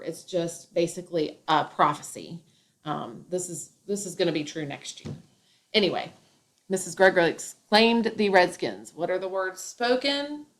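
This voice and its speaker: A woman teacher explaining a grammar lesson step by step, with playful asides. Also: on the low side.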